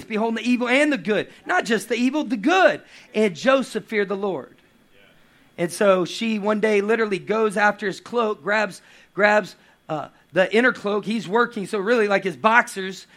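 A man preaching a lively sermon with playful asides and acted quotes. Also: high voice, moderate pace. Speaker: pastor.

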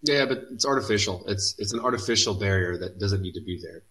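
A man's voice: lowish voice, fast talker, fairly bright tone, low-quality recording. A man co-hosting a casual podcast, explaining ideas thoughtfully, often restarting and searching for words. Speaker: podcast co-host.

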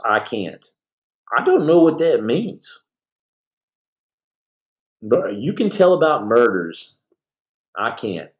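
Forties guy hosting a livestream, rambly and jokey, jumps from loud to mumbly, roomy echo. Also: lowish voice. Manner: rambling, jokey, swings between loud bursts and soft mumbles. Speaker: podcast host. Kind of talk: livestream storytelling and reading chat questions. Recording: echoey room.

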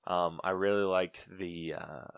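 A man's voice: low-pitched, steady tone, a little slow, clean tone, dry recording, clean studio sound. A man co-hosting a podcast in casual chat, ranting with profanity and mockingly acting out movie lines. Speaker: podcast co-host.

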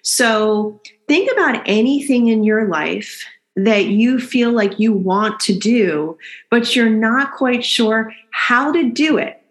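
A woman guiding a chakra tapping exercise in a gentle, instructive way, checking in with "okay?" as she leads. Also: fairly high pitch, animated, slow pace. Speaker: energy healer guiding an exercise. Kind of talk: guided chakra tapping session.

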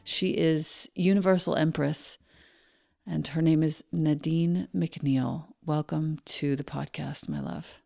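Low gravelly-voiced woman podcast host. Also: expressive, slow pace, darkish tone. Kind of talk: warm podcast read and interview intro.

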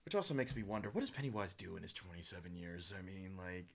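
Bright-voiced man, animated film chat. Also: deep voice, fast talker, gravelly. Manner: animated, acts out scenes in shouted voices. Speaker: podcast co-host. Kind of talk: casual film review chat.

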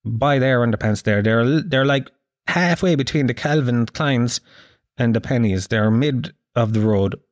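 A man's voice: mid-range voice, measured pace, no echo, clean studio sound. A young Irish man hosting a podcast, telling rambling, profane comic stories in a jokey monologue. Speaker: podcast host.

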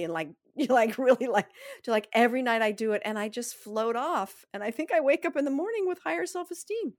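A middle-aged woman co-hosting a casual chat, animated and joking, laughing often. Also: a little high, fast, no echo, studio quality. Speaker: podcast co-host.

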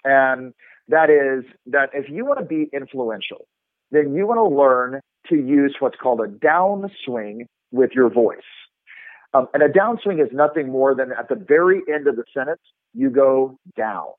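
A man's voice: medium pitch, measured pace, dry recording. Man teaching over a tinny line. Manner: animated, demonstrates tones with his voice. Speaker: sales trainer. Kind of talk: instructive podcast talk.

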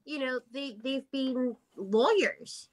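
A woman's voice: high voice, slow. A woman co-hosting a podcast, talking in an earnest, opinionated way. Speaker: podcast co-host. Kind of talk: casual chat.

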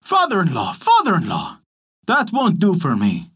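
Uomo che fa una rana pretenziosa e urlante. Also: male voice, high voice, huge pitch swings, moderate pace, full character voice. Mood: demanding. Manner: shouting, croaking demands. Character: demanding greedy male frog in a well. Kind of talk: storybook character voice.

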